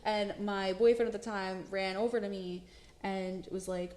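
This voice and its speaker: A young woman co-hosting a podcast, telling a story in an animated way, laughing, swearing and acting out the quotes. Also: mid-range voice, normal speed. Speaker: podcast co-host. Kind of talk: casual storytelling chat. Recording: roomy echo.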